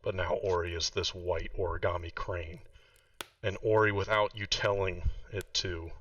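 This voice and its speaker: A man running a tabletop game as game master, describing a dream scene slowly and deliberately, sometimes correcting himself. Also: low voice, level tone, fairly bright tone, distant mic, dull audio, a little hiss or hum.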